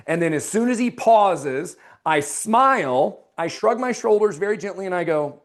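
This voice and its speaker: A man coaching a sales team, his voice sitting on the higher side for a man. He acts out his sales pitch in a slowed, low, serious tone. Between pitches he coaches with emphatic energy. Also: animated. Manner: drops to a slow, low, serious tone for the close. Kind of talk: sales training with role-played pitches.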